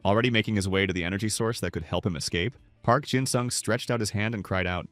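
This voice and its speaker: A man narrating a comic recap in a steady, dramatic storytelling manner. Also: lowish voice, fast, no echo, faint music behind.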